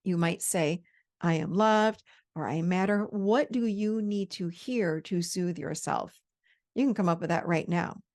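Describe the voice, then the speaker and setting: Gravelly-voiced woman in her fifties, coaching. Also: on the low side. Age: 50s. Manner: calm, slowing down to model soothing self-talk; conversational, with quoted inner dialogue. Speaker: host. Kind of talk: coaching talk on managing triggers.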